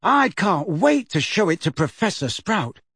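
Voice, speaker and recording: Storybook teen boy, shy and eager, excited and lifted in pitch, voiced by a male narrator. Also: normal speed, slightly rough, no room sound, studio quality, exaggerated voice. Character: shy, eager teenage schoolboy.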